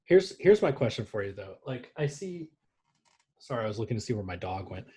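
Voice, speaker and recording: A man's voice: lowish voice, sing-song, fairly quick, mellow, husky. A man co-hosting a casual sports podcast, rambling and joking with frequent swearing. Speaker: podcast co-host.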